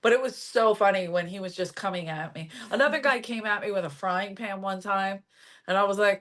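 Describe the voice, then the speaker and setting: A woman's voice: mid-range voice, moderate pace. Brash Philadelphia woman telling stories. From Philadelphia area. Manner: brash, animated storyteller acting out quotes. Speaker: stand-up comedian guest. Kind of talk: casual storytelling chat.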